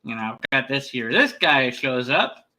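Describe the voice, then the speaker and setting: A man's voice: medium pitch, sing-song, normal speed, pushed and bright, rough recording. A man talking casually to camera in a vlog, rambling with many fillers and restarts. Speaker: YouTuber.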